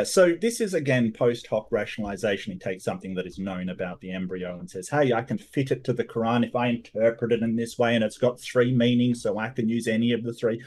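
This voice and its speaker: A male debater making a rebuttal with lively energy and frequent stammered restarts. His voice is at an everyday middle pitch for a man.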